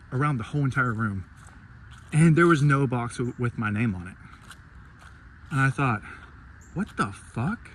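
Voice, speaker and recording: A man's voice: mid-range voice, a bit bright, a little hiss or hum. Rambling, cursing man venting in a vlog. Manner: rambling and profane, acting out his own reactions. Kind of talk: casual rant vlog.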